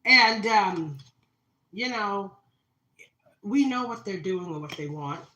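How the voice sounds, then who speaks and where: A woman reads tarot cards live, talking dramatically to her viewers. Her voice is bright and her speech is full of fillers. She is recorded on a phone in an echoey room. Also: mid-range voice, animated, takes it slowly. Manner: dramatic, spiritual, talks to viewers, many fillers. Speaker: tarot reader. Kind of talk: live-stream tarot reading.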